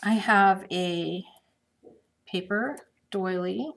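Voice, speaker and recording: A woman's voice: medium pitch, slow, long pauses. A middle-aged woman chatting her way through a live craft demonstration, thinking aloud as she works.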